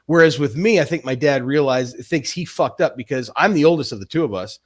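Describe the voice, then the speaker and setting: A man's voice: on the high side, brisk, few pauses. A man in his forties on a casual livestream, talking in long rambling runs with many restarts and frequent swearing. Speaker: stream host.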